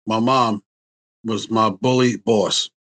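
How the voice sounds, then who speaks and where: A man's voice: on the low side, slow pace. A man in his sixties, a relationship coach, telling family stories in a casual interview and acting out quotes with a raised voice. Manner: animated, acts out quotes in a raised voice.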